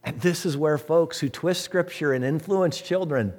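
A man preaching as pastor of his church, swinging from loud emphatic peaks to hushed low asides. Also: normal speed. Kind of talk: sermon.

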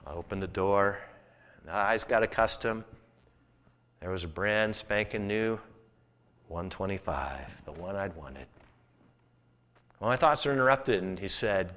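A man's voice: low-pitched, animated, a little slow, long pauses, fairly bright tone. A man pastor telling a story in a sermon, in a folksy, conversational way.

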